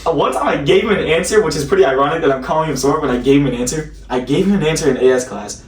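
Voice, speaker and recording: Rambling male host, laughs through his stories; a bit high, roomy distant sound. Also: racing. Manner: rambling storyteller, laughs often. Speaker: podcast host. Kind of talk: casual chat. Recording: echoey room, distant mic, faint noise.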